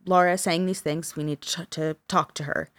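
Podcast co-host, woman, lowish voice, casual storyteller, dry close sound. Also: fairly even intonation, a little fast, no room sound. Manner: casual, swears, many fillers like "like" and "um".

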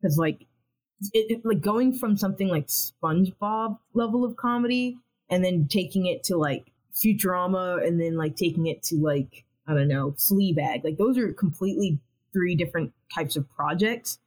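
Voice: medium pitch, normal speed, a little mellow, rough recording. Podcast guest, TV writer, casual, rambling, quotes own thoughts aloud. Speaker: TV animation writer.

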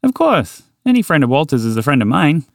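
An enormous horse who is courteous and oddly enthusiastic, and who breaks into sudden bright exclamations, as a man voices him in a storybook reading. The voice sits above his plain tone and moves through a lively range. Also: a little high, fairly quick, gravelly, dry recording, clean studio sound, voice pushed up. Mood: polite. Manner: polite and dreamily enthusiastic. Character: enormous eccentric male horse, polite and excitable.

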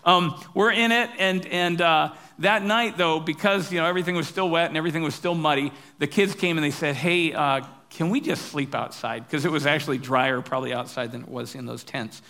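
A male pastor giving a sermon, telling stories in a relaxed, humorous, conversational way. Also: a little high, brisk, hardly any pauses.

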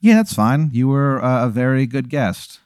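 Lively-voiced man laughing along as host. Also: mid-range voice, clean tone, no echo, clean studio sound. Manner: playful, quick to laugh, answers as if really in the scenario. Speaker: podcast host, comedy club owner. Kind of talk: casual comedic chat.

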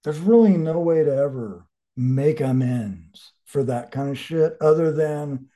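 A man's voice: a little high, measured pace, warm tone. A man in his forties telling his own story as an interview guest, blunt and emphatic, swearing constantly. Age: 40s. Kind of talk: candid personal storytelling.

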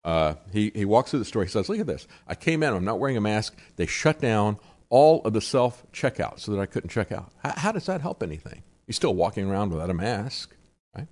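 A man's voice: on the low side, big pitch swings, brisk, a little mellow. A man hosting a political talk show, delivering sarcastic commentary and mocking the people he quotes.

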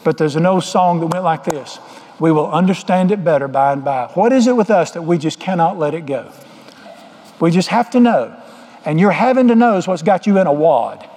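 Folksy preacher with a higher voice. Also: male voice, animated, fairly quick, a little mellow. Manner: folksy, joking storyteller. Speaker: pastor. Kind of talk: sermon. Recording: long hall reverb.

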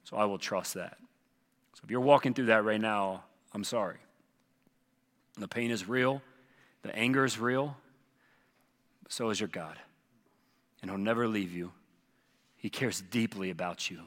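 A man pastor speaks earnestly, repeating key phrases to drive them home. His voice is bright and forceful. It rings with a long reverb from a large church auditorium. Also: on the low side, measured pace, pauses often. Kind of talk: church Q&A teaching.

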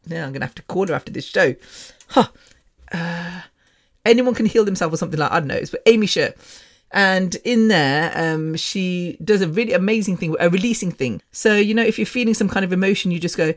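A woman's voice: fairly low pitch, fairly quick. A woman hosting her own podcast in a casual personal monologue, frank and candid with mild swearing, rambling with frequent restarts. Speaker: podcast host.

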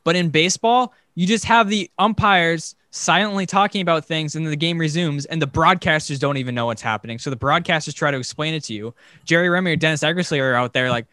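A man's voice: on the high side, fast talker, pushed and bright, dry recording, studio quality. A man co-hosting a casual sports podcast, talking emphatically and ranting. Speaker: podcast co-host.

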